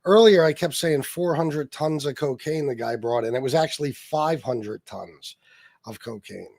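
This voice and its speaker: Man, livestream host, mid-pitched voice, sarcastic, swears a lot, dry close sound. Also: normal speed, vocal fry, darkish tone, no echo. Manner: profane, sarcastic, mocking. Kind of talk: casual political livestream, reading chat.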